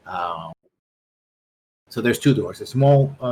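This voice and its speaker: A man with a lowish voice runs a tabletop game, painting a scene in halting bits. His sentences stop and restart, and a faint hiss sits beneath the recording. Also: animated, dark tone, rough recording. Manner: halting, full of fillers. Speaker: game master.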